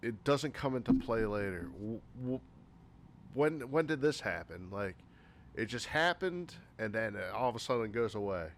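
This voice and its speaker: A man's voice: lowish voice, animated, normal speed, slight background noise. A man reviewing movies in a casual list format, rambling and exasperated, with lots of filler words.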